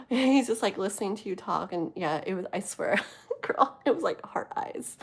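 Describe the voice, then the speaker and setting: A woman in her thirties from the US West Coast, chatting casually on a live stream as a tarot reader, giggling often and easily sidetracked, sometimes dropping to a hushed voice. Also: medium pitch, a little fast, breathy edge. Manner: drops to a hushed voice at times. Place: home with thin walls.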